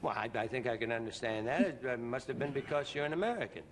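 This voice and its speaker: A man's voice: medium pitch, lively intonation, fast talker. A man hosting a variety show, bantering in a comedy sketch with a stammering, mock-earnest delivery. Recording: noisy old TV broadcast.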